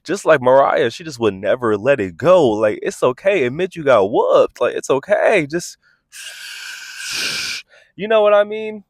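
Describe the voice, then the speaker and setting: A man hosting a reality TV review vlog, talking in a sassy, animated way and acting out quotes in exaggerated voices. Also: mid-range voice, no room sound. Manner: animated, sassy, quick asides. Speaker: host.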